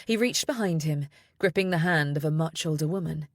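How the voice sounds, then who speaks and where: Low-voiced woman narrating an audiobook. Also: fairly quick, dry recording, studio quality. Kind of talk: first-person audiobook narration.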